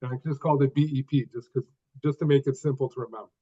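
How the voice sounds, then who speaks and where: Older man, from the United States, interview guest, short phrases, pauses, restarts, muffled recording. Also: mid-range voice, steady tone, warm tone, husky. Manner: speaks in short phrases with pauses and repeated starts. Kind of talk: conversational storytelling. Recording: dull lo-fi sound.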